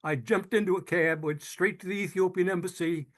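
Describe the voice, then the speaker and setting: An older man telling a personal story in an earnest, halting way, with frequent restarts, sometimes moved. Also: high-pitched, fairly even intonation. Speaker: speaker telling his own story.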